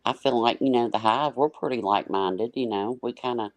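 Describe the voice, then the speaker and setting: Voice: medium pitch, no echo. Rambling panel guest, dry close sound. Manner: rambling, halting with many restarts and fillers. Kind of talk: casual livestream chat.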